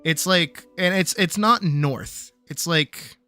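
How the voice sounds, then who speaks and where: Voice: mid-range voice, slow pace, sharp tone, no echo, soft background music. A streamer chatting casually while reacting to videos, musing aloud and trailing off mid-thought.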